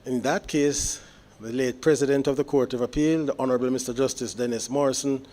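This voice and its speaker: A man, a judge delivering sentencing remarks in court in a measured, explanatory way with deliberate pauses. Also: mid-range voice, steady tone, mellow.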